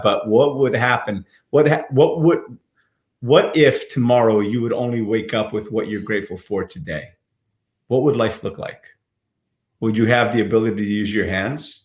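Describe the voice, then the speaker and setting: A man's voice: on the low side, echoey room. A man hosting a casual livestream interview, speaking in an upbeat, motivational way and often repeating words. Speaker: podcast host.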